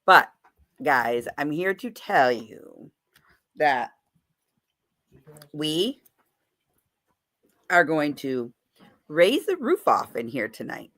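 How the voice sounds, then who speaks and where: Slow-talking playful woman hosting a livestream. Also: sits low, big pitch swings, a bit bright. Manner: playful, chatty, greets viewers by name. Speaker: livestream host. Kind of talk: casual live-stream chat.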